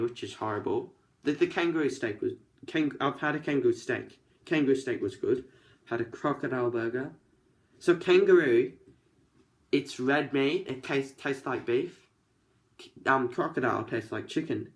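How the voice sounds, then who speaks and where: Rambling young Australian guy. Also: mid-range voice. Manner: rambling, jokey, often restarting sentences. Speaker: vlogger. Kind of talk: casual to-camera chat.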